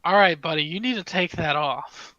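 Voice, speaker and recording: Man playing a brusque half-orc woman, impatient, bright voice, dry close sound. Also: a little high, normal speed, no echo, dull audio. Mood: annoyed. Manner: blunt and brusque.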